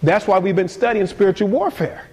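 A man delivering a sermon with a fairly high voice. He talks casually and stumbles over repeated words, then climbs into sudden emphatic peaks before dropping back down low. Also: lively intonation, brisk. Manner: dynamic preaching, swings between quiet and emphatic. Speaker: pastor.

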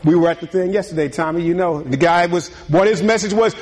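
A man's voice: high voice, fast, a little mellow. A man, a pastor, preaching a sermon in a conversational way, laughing often and building to emphatic bursts.

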